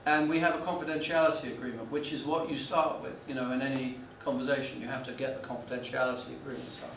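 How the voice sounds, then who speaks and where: A man in his 40s tells a business story while lecturing, with many restarts and fillers. His mid-range voice is fairly bright, fast and fairly even in intonation, recorded from a distance in an echoey lecture room with a little hiss or hum.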